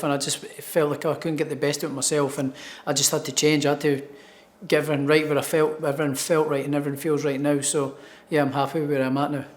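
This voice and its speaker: A man with a Scottish accent, a professional boxer answering interview questions in an upbeat way and repeating words as he starts his thoughts. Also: a little high. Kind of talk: sports interview.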